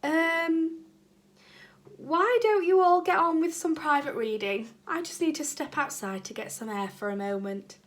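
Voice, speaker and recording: A woman's voice: high-pitched, a little slow, voice pushed up. A woman voicing a gushing, easily wounded female teacher who loves all things French, with sing-song French flourishes. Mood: flustered.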